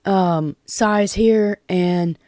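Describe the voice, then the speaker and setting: A woman's voice: mid-range voice, drawn-out words, warm tone, dry recording, studio quality. A Southern woman talking through a craft project in a chatty, folksy, self-deprecating way, congested from pollen and a bit short of breath. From Tennessee. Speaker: DIY vlogger. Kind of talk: casual craft tutorial.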